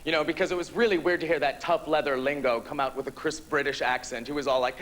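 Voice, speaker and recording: A man performing a stand-up comedy set on a theatre stage, campy, with quick punchlines. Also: on the high side, steady tone, fairly bright tone, a little hiss or hum. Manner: campy, rapid punchlines with quoted voices.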